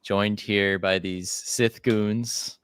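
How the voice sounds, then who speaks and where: A man's voice: on the low side, fairly even intonation, extremely slow, a crowd in the background. A man hosting a livestreamed podcast, chatting casually in an easygoing, rambling way. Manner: easygoing, rambling, self-deprecating. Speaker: podcast host.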